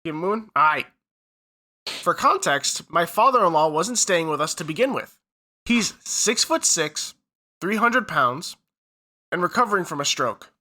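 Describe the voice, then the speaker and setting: A man's voice: fairly high pitch, sing-song, unhurried, pauses often, bright, forceful tone. A man co-hosting a podcast, reading a story aloud and then chatting casually with some swearing. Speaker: podcast co-host.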